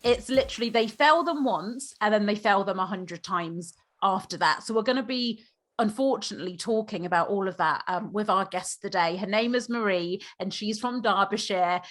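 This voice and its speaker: An earnest woman hosts a heartfelt podcast conversation. Her voice sits at an ordinary middle pitch, and she speaks with feeling and sincerity. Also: lively intonation, moderate pace, a bit bright. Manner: earnest, gets emotional. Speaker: podcast host. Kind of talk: emotional podcast interview.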